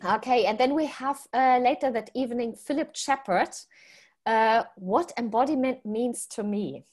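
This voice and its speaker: Orderly woman with a higher voice. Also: moderate pace, darkish tone. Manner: orderly, walking through a schedule. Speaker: conference co-host. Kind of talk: casual chat.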